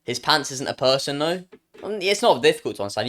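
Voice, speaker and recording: Lively, higher-voiced British young man. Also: fast. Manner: joking, playful, trails off and restarts. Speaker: streamer. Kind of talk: live stream reaction chat.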